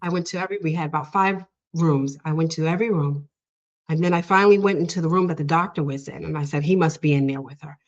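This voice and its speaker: A woman with a low voice talks fast as she shares a personal story as a guest, emotional and sincere, laughing frequently between plenty of fillers. The recording sounds dull and lo-fi.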